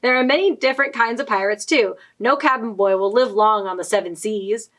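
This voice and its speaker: A woman's voice: a little high, fairly quick. A young woman co-hosting a casual podcast chat, giggling often as she reads a quiz aloud. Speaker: podcast co-host.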